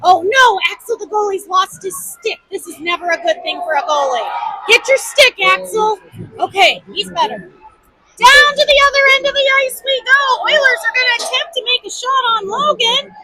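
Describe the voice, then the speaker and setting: A woman giving fond, excited homemade play-by-play commentary at an indoor ice rink, shouting at big plays. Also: very high voice, moderate pace. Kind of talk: homemade live sports commentary. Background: faint arena noise.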